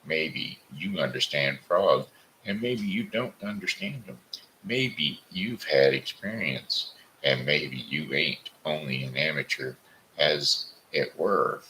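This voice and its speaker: A man's voice: very deep voice, expressive, slow pace, bright, forceful tone, slight background noise, full character voice, poor audio. A man voicing a casually boastful frontier gambler who talks in a drawling, folksy way. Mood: stubborn.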